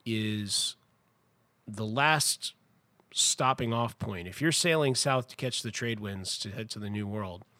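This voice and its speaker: A man's voice: on the low side, measured pace, pushed and bright, no echo. A man in a casual podcast conversation, telling a long story about wine history in a chatty, rambling way full of restarts and asides. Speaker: wine importer guest.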